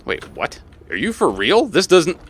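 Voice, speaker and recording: A man streaming a game, chatting casually with friends while he plays, swearing freely and easily excited. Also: lowish voice, slight background noise. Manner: profane, excitable, quick to swear and laugh. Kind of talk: casual gaming stream chat.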